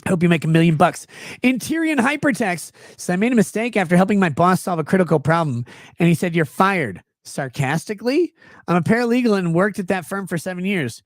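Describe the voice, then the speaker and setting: High-voiced and lively in intonation, the legal commentary livestreamer talks fairly quickly, reading viewer messages out loud and mocking them sarcastically in a relaxed way. The sound is dry, studio quality.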